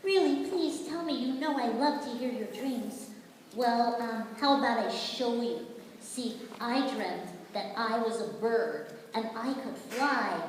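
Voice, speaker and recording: Brief: a woman playing a tiny, earnest boy in a school puppet show, slow and polite. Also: on the high side, a little hiss or hum, close to an everyday voice. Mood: excited. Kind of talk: live puppet show acting. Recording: echoey hall from far off.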